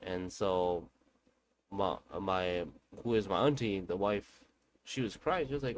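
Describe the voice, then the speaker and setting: A young man with a fairly low voice tells a family ghost story in a loose, chatty way. He rambles, backtracks and corrects himself mid-sentence. A faint hiss sits under his voice. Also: slow, low-quality recording. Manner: rambling, self-correcting, conversational. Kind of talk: casual spoken ghost story.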